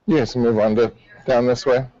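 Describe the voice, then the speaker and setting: A man teaching a martial arts class, calling out drills with sharp commands and counts. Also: mid-range voice, no room sound, lo-fi sound. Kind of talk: class instruction.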